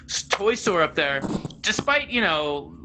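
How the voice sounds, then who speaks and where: A man in his thirties telling stories in casual chat, animated and rambling, laughing often. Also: a little high, a little slow, slight background noise, low-quality recording. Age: 30s. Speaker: guest.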